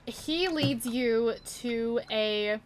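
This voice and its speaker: A woman narrating a tabletop game as game master, laughing as she goes and pausing often. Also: a little high.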